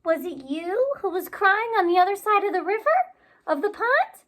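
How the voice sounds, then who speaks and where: A woman's voice: sing-song, moderate pace, a bit bright, heavily acted. Woman voicing sobbing lonely little beaver boy. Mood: eager. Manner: high sobbing wails, eager calls.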